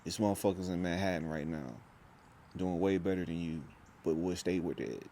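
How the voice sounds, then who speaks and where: A man's voice: low-pitched, steady tone, moderate pace, warm tone, a little hiss or hum. A young man talking to camera in a rambling, intense vlog monologue, full of restarts and slang. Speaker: vlogger.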